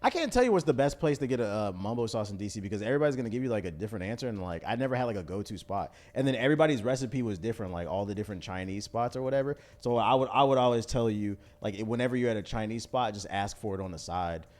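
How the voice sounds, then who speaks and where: A man from Washington, D.C. co-hosting a livestream, telling stories in casual chat with slang. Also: fairly low pitch. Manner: fast, animated storytelling with slang. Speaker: co-host.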